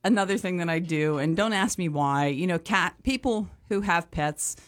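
A woman chatting casually as a guest on a morning radio show, talkative and quick to laugh. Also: fairly low pitch. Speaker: radio guest from an animal shelter.

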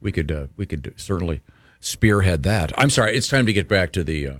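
A radio host talks through a sponsor read in a loose, chatty way, full of fillers. His voice sits low, and the studio sound is dry and close. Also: animated, brisk, no echo. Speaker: radio show host reading a live ad. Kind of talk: casual radio banter and live-read ad.

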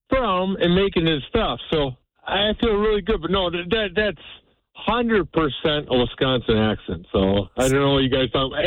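A man's voice: fairly high pitch, no echo. A man calling in to a sports radio show with a blunt, joking manner. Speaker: caller. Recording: tinny phone line.

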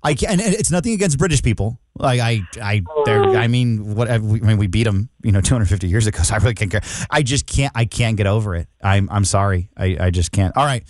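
A man's voice: lowish voice, animated, fast talker, few pauses, dry recording. Joking male talk radio host. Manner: joking, rambling, repeats himself. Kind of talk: casual call-in radio talk.

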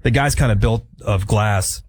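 A man's voice: on the low side, moderate pace. A young adult man hosting a radio show, chatting casually and laughing with his co-hosts. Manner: laid-back, laughing, uses "dude" and "man". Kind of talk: casual morning radio banter. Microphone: studio microphone.

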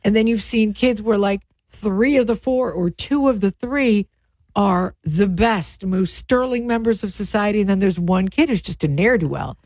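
A middle-aged woman co-hosts a radio talk show, talking in an animated, opinionated way. Her voice sits at an ordinary pitch. The studio sound is dry and close. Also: moderate pace, no room sound. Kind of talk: casual radio chat. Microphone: studio microphone.

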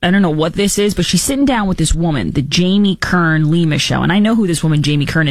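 Brief: a woman host delivering sarcastic commentary, lively swoops in her low voice, mocking throughout. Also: no echo. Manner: mocking, animated, jumps into quick impressions. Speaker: talk show host.

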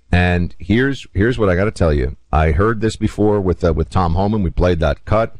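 A man's voice: low-pitched, dry recording. A man hosting a talk show, giving an opinionated political monologue and acting out little scenes in raised voices. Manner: animated, acts out scenarios in raised voices. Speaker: talk radio host.

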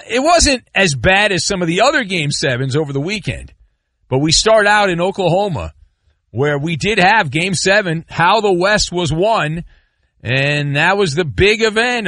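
Middle-aged guy on sports radio, lively bright voice, rambling sarcastic rants, dry close mic. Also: high-pitched, no room sound. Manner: animated, rambling, sarcastic rants with mock outrage. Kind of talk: sports talk radio with live ad reads.

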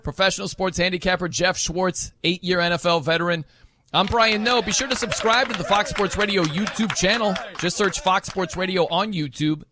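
A man's voice: sits high, sharp tone. A man hosting a sports radio show, chatting casually and telling a story in an upbeat way.

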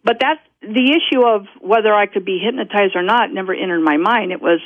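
A woman's voice: mid-range voice, a little fast, no echo. A woman guest telling a personal story in a rambling, self-interrupting way, often breaking into laughter. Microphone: telephone. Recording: tinny phone line.

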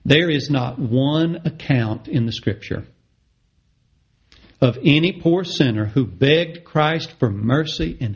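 A middle-aged male preacher delivers a sermon at an unhurried pace, leaning hard on repeated phrases. His voice is gravelly and a little husky, and it jumps upward in pitch whenever he drives a point home. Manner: impassioned, repeats phrases for emphasis, rises sharply in pitch on key words.

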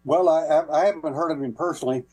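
A man's voice: on the high side, quick pace, a little mellow, husky, rough recording. A man guesting on a call-in radio show, telling folksy anecdotes with many hesitations and small laughs. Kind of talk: casual call-in radio storytelling.

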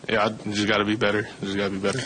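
A football quarterback answers questions at a press conference, a man with a low voice speaking quickly in a flat tone. His answers are guarded and repetitive, with faint room ambience behind him. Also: a little hiss or hum.

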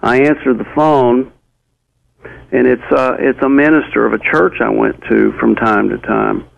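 Gravelly-voiced man telling his story. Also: mid-range voice, no echo, highs cut off. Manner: halting, many fillers and restarts. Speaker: interview guest. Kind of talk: personal storytelling.

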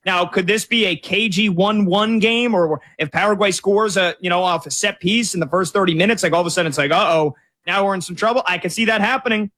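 A man co-hosting a sports talk show, casually breaking down soccer with lots of stats and quick self-corrections. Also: high-pitched, sharp tone. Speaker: co-host sports analyst.

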